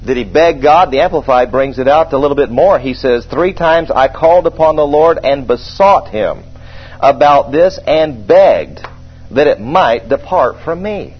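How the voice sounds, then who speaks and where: A man preaching a sermon in a conversational way, asking the congregation questions and slowing down to stress scripture. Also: mid-range voice, animated, husky. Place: church service with a congregation. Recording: dull lo-fi sermon recording.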